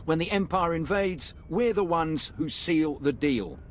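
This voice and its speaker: Confident imperial army captain, game character, salesman-like pitch, lively swinging intonation, faint hiss behind. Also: a little slow. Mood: brisk. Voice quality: slick salesman-like delivery. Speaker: military officer in a game. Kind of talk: game voice acting.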